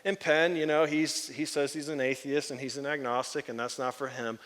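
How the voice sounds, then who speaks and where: A pastor preaches to his congregation with a lively storyteller's delivery, slipping into the voices of the people he describes. His voice sits at an ordinary middle pitch for a man. It rings with the long reverb of a church hall. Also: normal speed. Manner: animated storyteller acting out quoted voices, laughing. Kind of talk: sermon with storytelling. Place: church sanctuary.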